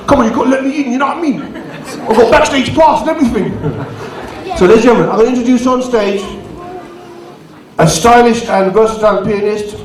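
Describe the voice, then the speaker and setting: A man doing live stand-up comedy and bantering with the crowd as compere. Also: high-pitched. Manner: banters with the crowd, quick asides. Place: community venue hall. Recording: echoey hall, distant mic, audience.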